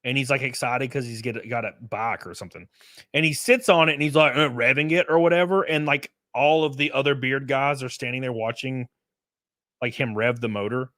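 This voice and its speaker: A man's voice: medium pitch, fairly quick, fairly bright tone, no room sound, studio quality. A young man giving loose, profane, rambling live-stream commentary.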